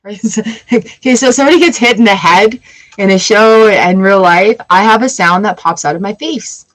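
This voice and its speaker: A woman in her forties chatting casually on a tarot livestream, emotional and quick to laugh. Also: mid-range voice, rough recording. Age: 40s. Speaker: tarot reader.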